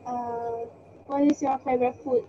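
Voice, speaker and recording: A young student in an online English class, asking and answering shyly. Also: female voice, on the high side, flat delivery, normal speed, highs cut off, slight background noise. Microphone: video call.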